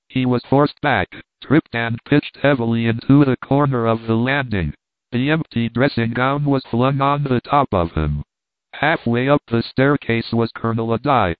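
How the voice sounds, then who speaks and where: A man's voice: mid-range voice, no echo. Man narrating over thin, phone-like audio. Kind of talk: scripted narration of a classic novel.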